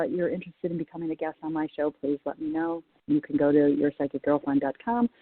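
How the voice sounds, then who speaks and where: A woman's voice: medium pitch, dry recording. Chatty woman host on a tinny line. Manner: chatty, laughing, lots of fillers. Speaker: podcast host and psychic reader. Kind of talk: casual interview chat. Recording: tinny phone-like sound.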